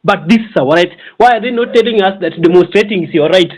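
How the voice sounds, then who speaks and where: Angry Kenyan man caller, high-pitched and rapid, code-switching. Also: a little mellow, low-quality recording. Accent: Kenyan English. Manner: angry, rapid, mixing Swahili and English. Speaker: caller on a live audio space.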